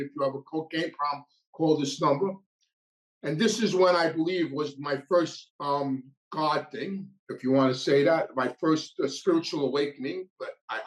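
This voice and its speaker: Poor audio captures a man's fairly high voice as he recounts his recovery. He's blunt and streetwise in this casual monologue, frequently repeating himself and starting phrases over.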